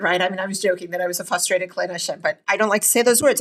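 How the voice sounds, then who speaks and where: A woman physician and author as a podcast guest, talking in an energetic, emphatic way and often adding "right?". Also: medium pitch, quick pace, hardly any pauses. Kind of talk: conversational interview storytelling.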